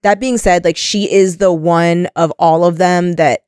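Brief: young woman podcast co-host, animated casual chat, filler-heavy, dry close mic. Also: on the low side, a little slow, clear, resonant tone, no room sound. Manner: chatty and animated, heavy use of "like".

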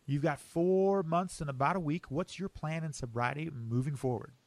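An American man hosting a casual podcast interview, upbeat and joking with quick asides. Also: on the high side, background noise. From United States. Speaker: podcast host.

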